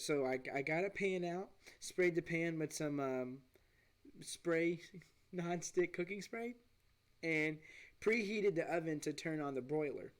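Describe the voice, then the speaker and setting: Male podcast host, somewhat high voice, casual rambling storyteller who restarts often. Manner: animated, rambling, with frequent restarts.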